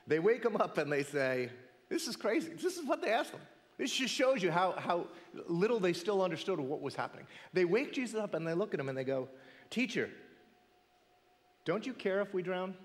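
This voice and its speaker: A man's voice: sits high, long reverb tail. A man preaching a sermon as pastor, asking rhetorical questions and dropping to a near whisper for emphasis. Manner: animated, rhetorical questions, drops to a hush for effect.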